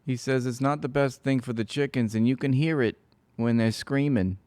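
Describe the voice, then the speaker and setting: A man's voice: medium pitch, moderate pace, a little mellow, no echo. A man streaming, reading an article aloud with sarcastic, mocking running commentary. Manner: sarcastic, mocking, frequent laughs.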